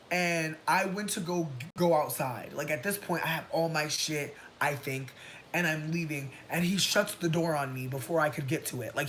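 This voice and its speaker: A person in their thirties telling a story on a casual livestream, profane and animated, breaking into shouts and laughter. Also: mid-range voice, a little hiss or hum. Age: 30s. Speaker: livestream host.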